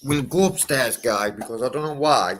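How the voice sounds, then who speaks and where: A man's voice: mid-range voice, normal speed, fairly bright tone, slight background noise. A man with a Teesside accent, swearing a lot as he chats brashly on a live stream from his loft. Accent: Teesside English. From Northeast England. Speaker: livestream host. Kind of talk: casual live-stream chat. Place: house loft.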